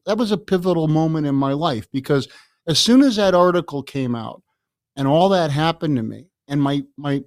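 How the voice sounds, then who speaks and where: Older male guest, raised near Chicago, spins animated stories with frequent chuckles, slightly high voice, dry close mic. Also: no echo. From Chicago area, USA. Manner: lively, laughs often, repeats words. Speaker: guest, author. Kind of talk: anecdotal storytelling in a podcast interview.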